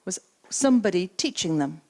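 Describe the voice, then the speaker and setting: Lively woman giving an interactive keynote. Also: on the low side, moderate pace. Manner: lively, repeats audience's words, asks questions. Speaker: keynote speaker and coaching trainer. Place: conference stage.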